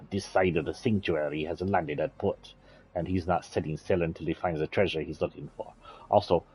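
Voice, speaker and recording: A gruff, menacing pirate captain, as a man puts him on to read game text. The delivery is slow and drawn out, sitting low in pitch with a husky edge. Faint music plays behind. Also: darkish tone, rough recording. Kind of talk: reading game text in a put-on voice.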